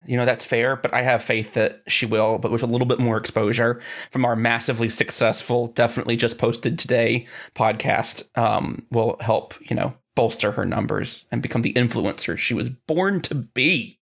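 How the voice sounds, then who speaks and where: A woman's voice: extremely low pitch, steady tone, normal speed, gravelly, hardly any pauses. A woman co-hosting a tabletop gaming podcast, chatting in an upbeat, bubbly way. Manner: upbeat and bubbly, laughs often. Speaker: podcast co-host. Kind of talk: casual chat.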